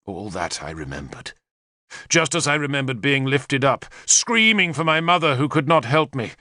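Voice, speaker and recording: A man narrates an audiobook in first person, with an intense, dramatic storytelling manner. His voice sits a little high and sounds bright. The recording is dry and close. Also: dry recording.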